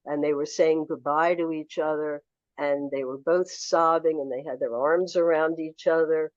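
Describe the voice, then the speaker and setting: A woman in her seventies, a memoir author telling lively anecdotes as a guest in a podcast interview. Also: low-pitched, normal speed, no echo, muffled recording. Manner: animated anecdotal storyteller.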